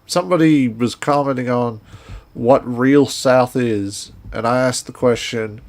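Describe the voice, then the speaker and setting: Gravelly guy w/ a twang, rambling folksy game commentary. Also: medium pitch, measured pace. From Indiana. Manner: rambling, folksy, talks to himself while playing. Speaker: gaming streamer. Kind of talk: casual gameplay commentary.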